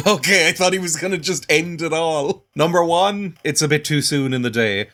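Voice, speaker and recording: A man's voice: fairly high pitch, expressive, brisk, hardly any pauses, fairly bright tone. A young man giving dry, self-deprecating comedic commentary while playing a video game. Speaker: gaming video host. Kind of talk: comedic let's play commentary.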